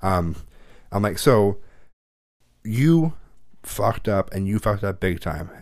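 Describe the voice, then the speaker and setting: Fed-up father, thirties, low and dry, swears freely while recounting. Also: very animated, slow, a little mellow, dry recording. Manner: heated storytelling, swears a lot. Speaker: parent. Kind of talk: casual chat.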